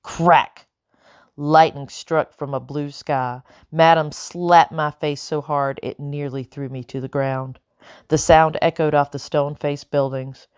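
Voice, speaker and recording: Narrating a novel in scripted form, the woman speaks with a low-sitting voice and an even, measured delivery. It's a dry, clean studio recording.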